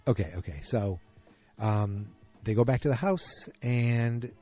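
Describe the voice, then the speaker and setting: A man's voice: medium pitch, unhurried, dark tone, faint music behind. A man hosting a casual solo podcast, recapping an episode in a rambling, self-correcting way. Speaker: podcast host.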